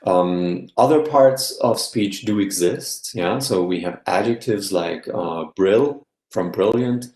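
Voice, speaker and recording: Low-voiced man giving a lecture. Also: slow pace, hardly any pauses, a little mellow, echoey room. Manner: explanatory, checks in with a tag "yeah?". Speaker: guest lecturer. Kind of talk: academic lecture.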